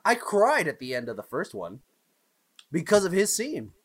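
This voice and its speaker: Animated man from Houston telling stories. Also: a little high, moderate pace, slightly rough. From Houston, Texas. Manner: animated storyteller, laughs often. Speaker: podcast co-host. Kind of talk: casual chat.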